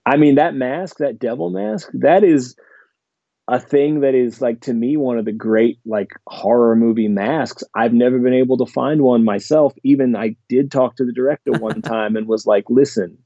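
A man's voice: medium pitch, moderate pace, creaky, warm tone, no room sound, highs cut off. A man hosting a casual podcast chat, rambling enthusiastically about horror movies with many fillers and restarts. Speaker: podcast host.

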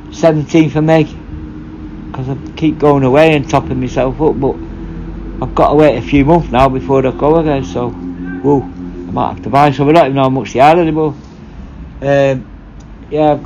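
A former prison officer telling stories casually, blunt and full of swearing, rambling and restarting. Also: male voice, medium pitch, background noise. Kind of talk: casual storytelling.

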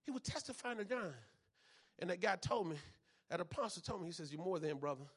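A male pastor preaching with a very high, husky voice. He repeats key phrases and drops in amens, moving between near-whispered stretches and loud, driving ones. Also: animated, a little fast. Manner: repetitive preaching with frequent amens, swinging between hushed and loud. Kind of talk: sermon.

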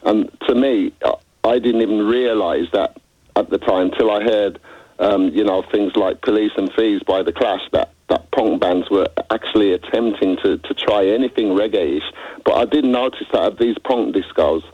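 A man, a musician, talking in a relaxed and rambling way in a radio interview, with lots of "you know". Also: lowish voice, moderate pace, slightly rough, dry recording, highs cut off. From England. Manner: laid-back, rambling with many "you know"s. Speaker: musician guest.

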